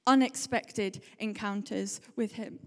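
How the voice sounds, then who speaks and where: A woman giving a chatty, animated sermon and telling stories in quick bursts. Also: mid-range voice. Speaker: preacher. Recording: hall reverb.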